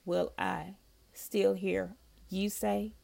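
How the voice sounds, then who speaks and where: A woman reading her own poems aloud, slow and soft-spoken, with long heartfelt pauses between lines. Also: medium pitch, level tone, creaky.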